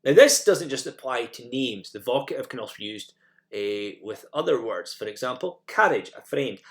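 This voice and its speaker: A man talks through a recorded language lesson with a lively, up-and-down pitch. He explains each step plainly and says example phrases over and over so learners can copy them. A few fillers and restarts slip in along the way. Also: normal speed. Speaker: teacher.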